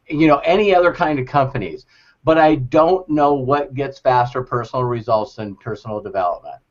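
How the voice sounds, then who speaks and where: A man giving a lively, laughing motivational talk to a group, acting out quoted voices. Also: fairly high pitch. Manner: animated, laughing often, acts out quoted voices. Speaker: motivational speaker. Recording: dull lo-fi recording.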